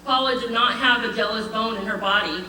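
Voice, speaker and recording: An older woman reading a prepared eulogy at a memorial gathering, heartfelt and measured, with light laughter. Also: a little high, sharp tone, recorded from a distance, slight background noise. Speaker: eulogy speaker. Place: memorial gathering in a community hall. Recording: echoey hall, voice from afar.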